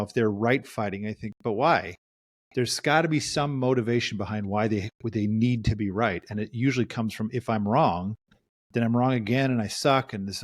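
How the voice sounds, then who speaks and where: A man's voice: medium pitch, dry recording, studio quality. A man, a therapist co-hosting a podcast, talking things through in a reflective way and acting out quoted lines. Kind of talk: casual podcast discussion.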